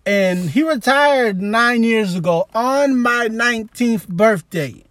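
High-voiced excitable young man. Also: takes it slowly, no room sound. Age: 20s. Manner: excitable, lots of "like", jumps into shouting when thrilled. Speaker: podcast co-host. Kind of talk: casual wrestling chat.

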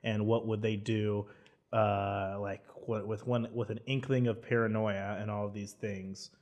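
A young man co-hosting a movie podcast, talking excitedly and rambling, laughing often. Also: fairly low pitch, a little slow. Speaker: podcast co-host. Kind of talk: casual chat about movies.

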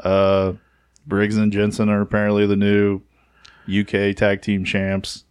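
A man's voice: lowish voice, monotone, measured pace, smooth, no room sound, clean studio sound. A man in casual chat about wrestling, laid back and full of fillers as he recaps the week's news.

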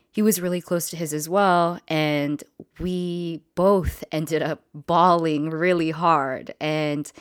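A young woman with a deep, clear and resonant voice hosts a podcast, recorded at studio quality with no echo. She shares a personal story candidly and with emotion, swearing casually as she goes.

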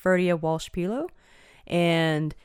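A woman co-hosting a casual chat, telling stories with excitable energy. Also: fairly low pitch, takes it slowly, clear, resonant tone, dry recording, studio quality. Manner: excitable, lively storyteller.

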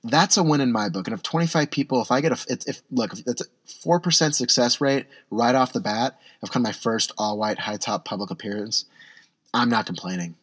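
A man's voice: medium pitch, brisk, fairly bright tone, breathy edge, no echo. A young man talking in a rambling, self-deprecating casual monologue, often restarting his sentences.

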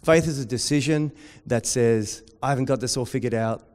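A man preaching a sermon, dropping to quiet intensity and rising to loud, excited storytelling. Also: medium pitch, normal speed. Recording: long hall reverb.

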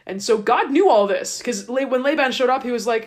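A woman's voice: on the high side, a little fast, few pauses. A woman podcast host casually retelling a scripture story in a chatty, wry, irreverent way.

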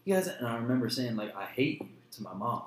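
A man's voice: medium pitch, animated, quick pace. A young man telling a personal story in blunt, profane casual chat. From New Jersey. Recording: echoey room, faint noise.

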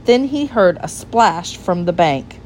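Slow, lively woman reading a storybook. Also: on the low side, slight background noise. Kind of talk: reading a children's storybook aloud.

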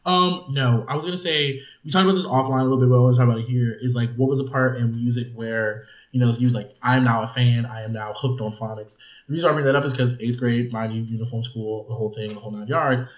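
A young man co-hosting a podcast in casual chat, telling animated stories and swearing freely. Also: mid-range voice, fast, hardly any pauses, roomy sound. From Detroit. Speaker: podcast co-host.

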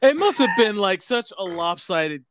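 Smooth-voiced man chatting casually. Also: high-pitched, sing-song, unhurried, fairly bright tone. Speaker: podcast host, former coach. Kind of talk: casual chat.

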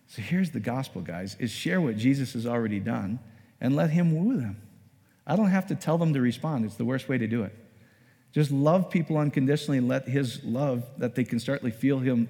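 A man preaching a sermon in a conversational, storytelling way, acting out little scenes as he goes. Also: mid-range voice. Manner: conversational, animated storytelling with acted-out asides. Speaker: pastor. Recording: echoey hall.

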